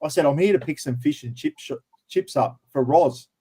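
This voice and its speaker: A man with an Australian accent hosts a casual livestream, pitched a little above most men. He talks in a matey, chatty way and laughs easily. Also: moderate pace, warm tone, breathy edge. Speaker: livestream host. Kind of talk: casual chat and prize draw.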